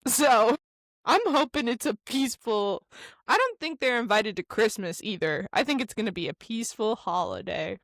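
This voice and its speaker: A woman's voice: fairly high pitch, animated, moderate pace, a bit bright, no room sound, studio quality. Laid-back young woman co-host. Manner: laid-back, reacts with laughs and short exclamations. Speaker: podcast co-host. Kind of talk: casual chat.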